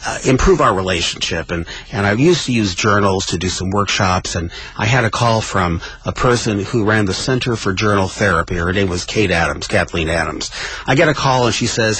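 A man's voice: on the low side, lively intonation, a little fast, husky, no echo, low-quality recording. A man co-hosting a radio talk show, chatting and reading book passages aloud with growing emotion. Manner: reads aloud with mounting emotion, shouts quoted lines.

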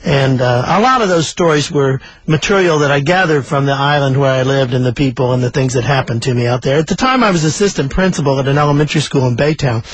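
An older man, a storyteller and author, telling a story in a folksy, animated way and acting out the dialogue. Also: medium pitch, fast, hardly any pauses, breathy edge, dry recording, rough recording. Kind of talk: oral storytelling.

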